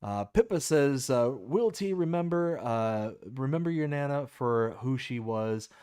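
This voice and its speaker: A man's voice: mid-range voice, expressive, measured pace, dark tone, smooth. A man hosting a live stream in casual chat, reading viewer comments aloud and laughing easily. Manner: easygoing, laughs often, reads chat aloud.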